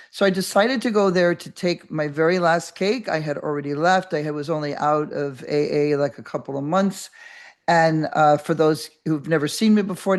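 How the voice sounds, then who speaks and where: An older woman hosting a podcast, telling a story in a rambling, animated way with many restarts and acted-out voices. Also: sits low. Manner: animated, acts out quoted voices. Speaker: podcast host. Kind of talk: casual storytelling monologue.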